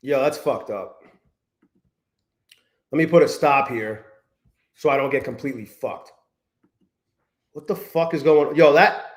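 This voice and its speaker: A man's voice: fairly high pitch, animated, normal speed, long pauses, roomy sound. A man talking through trades on a live stream, swearing often, muttering in frustration and greeting viewers by name. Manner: profane, exasperated muttering, greets chat by name. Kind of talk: live-stream trading commentary.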